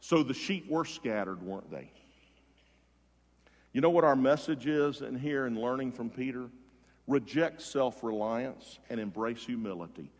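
A man's voice: mid-range voice, expressive, measured pace. Male pastor preaching in a reverberant hall. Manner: dramatic swings between loud emphasis and hushed softness; repeats and restarts words for emphasis. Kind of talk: sermon. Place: church sanctuary. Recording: long reverb of a large hall.

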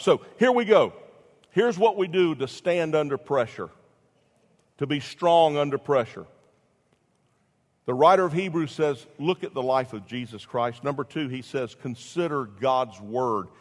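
A pastor preaching a sermon, telling a story with lively swings between loud and hushed delivery. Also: male voice, on the high side, big-room sound.

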